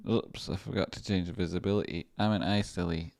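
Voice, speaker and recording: A man's voice: sits low, steady tone, brisk, darkish tone, no room sound. A man with a Scottish accent, mumbling and muttering to himself as he chats casually on a live stream. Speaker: livestreamer and stock chart analyst.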